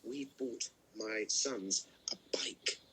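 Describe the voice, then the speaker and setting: A man's voice: fairly low pitch, slow, pushed and bright, slight background noise. A British man in his thirties chatting casually on a live stream, jokey and self-mocking. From Britain. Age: 30s. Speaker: actor co-hosting a live stream. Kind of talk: casual chat.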